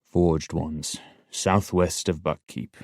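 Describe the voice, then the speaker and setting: Man doing an aged court assassin mentor, very low and dry, quiet and unhurried; audiobook. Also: fairly even intonation, dry recording, heavily acted. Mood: grave. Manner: measured, quiet and slow. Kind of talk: audiobook dialogue.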